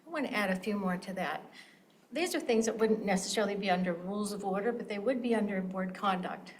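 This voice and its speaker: A woman's voice: mid-range voice, quick pace. An older woman, a longtime township resident, delivering a pointed, complaining public comment and mimicking how others phrase things. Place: township meeting room.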